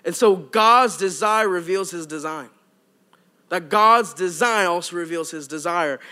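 Male pastor, young adult, high-pitched, animated and conversational from the pulpit. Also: unhurried. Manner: animated, conversational preaching with asides. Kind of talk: sermon.

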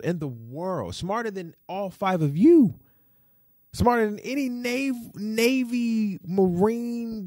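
A man hosting a podcast, giving casual, slangy commentary that swings into animated rants. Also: sits high, no echo, studio quality. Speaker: podcast host.

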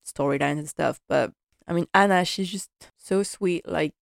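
Woman, fairly low voice, emotional rambling recap, dry close sound. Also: normal speed, gravelly, no echo. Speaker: TV episode recapper. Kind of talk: casual episode recap.

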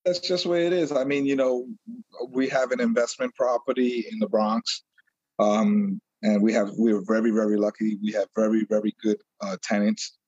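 A middle-aged man from New York telling a story in a casual interview, animated, laughing often and repeating phrases. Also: on the low side, moderate pace, no echo, muffled recording. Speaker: guest, retired police detective sergeant.

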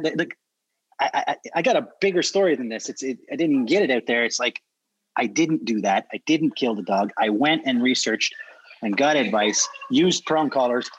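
A man's voice: medium pitch, husky, no echo, highs cut off. A man from Canada, a dog trainer and guest, telling his story earnestly with emphatic restarts. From Prince Edward Island, Canada. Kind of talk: casual interview talk.

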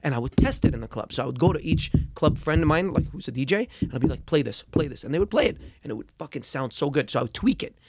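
Animated man telling his story. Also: on the high side, fast talker, hardly any pauses. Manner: animated, swears freely, repeats words, gets loud when angry. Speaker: guest musician. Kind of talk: storytelling in a casual interview.

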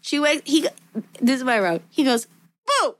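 Talking fairly quickly in a high-sitting voice, a podcast co-host casually recaps a film. She's animated, curses a lot, and performs quotes from it.

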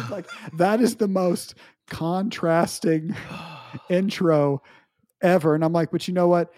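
Nasal podcast dude, joking around, kinda higher voice, dry close mic. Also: male voice, fairly even intonation, takes it slowly, mellow, dry recording. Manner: joking, teasing banter. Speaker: podcast co-host. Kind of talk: casual chat.

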